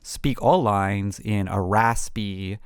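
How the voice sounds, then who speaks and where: A man's voice: fairly low pitch, slow, clear, resonant tone, no room sound, studio quality. A man hosting a casual coding tutorial, rambling with many ums and restarts. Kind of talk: casual screen-recorded tutorial.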